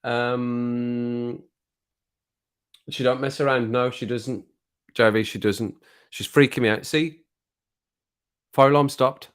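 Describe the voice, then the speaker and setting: Black country guy rambling on his live stream, chatty, laughs a lot, middle pitch. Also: fairly even intonation, slow pace, pauses often, clean tone. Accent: Black Country English. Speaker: livestream host. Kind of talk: casual livestream chat.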